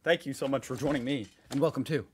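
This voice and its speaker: Speaking quickly in a mid-range, slightly rough voice, an American host reacts to online posts in a casual video recorded in a home room in Indiana. He reads the posts aloud and adds amused, chatty remarks.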